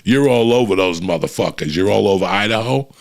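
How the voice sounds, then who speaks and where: A middle-aged man, a comedian, telling profane, animated road stories in a casual chat. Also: lowish voice, brisk, creaky. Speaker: comedian guest. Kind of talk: storytelling chat.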